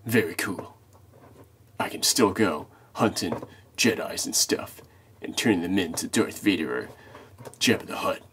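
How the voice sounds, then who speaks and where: A man voicing a gruff male bounty hunter who lost his armor, in a low, mumbled, self-mocking put-on voice. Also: measured pace, pauses often, fairly bright tone, a little hiss or hum. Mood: grumbling.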